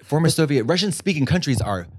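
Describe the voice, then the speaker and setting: A man's voice: fairly high pitch, lively intonation, fast, a little mellow, slightly rough, dry recording. A man co-hosting a podcast in casual chat, rambling and swearing, with many restarts and fillers. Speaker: podcast co-host.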